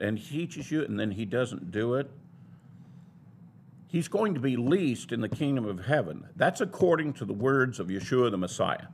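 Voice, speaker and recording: Emphatic, gravelly-voiced male Bible teacher. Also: medium pitch, animated, normal speed, a little mellow, slight background noise. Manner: emphatic, argumentative. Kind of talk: taught sermon-style lesson.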